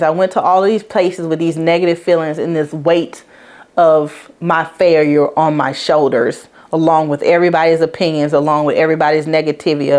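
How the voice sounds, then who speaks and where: A woman's voice: low voice, a little mellow. A woman hosting a podcast, telling a personal story in a frank, chatty way and speaking straight to her listeners. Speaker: podcast host.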